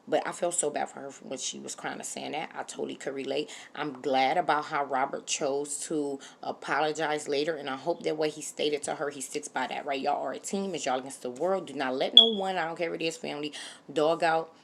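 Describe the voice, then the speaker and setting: Woman, low voice, opinionated, animated, casual vlog commentary. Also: fairly quick, gravelly, a little hiss or hum. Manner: opinionated, animated, speaks straight to viewers. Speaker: reality TV reviewer.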